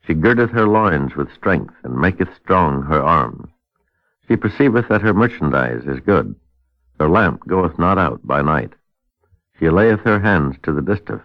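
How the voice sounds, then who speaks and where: A man hosting a radio discussion, reading a scripture passage in a measured, old-fashioned cadence on a dull old radio recording. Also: sits low, dry recording.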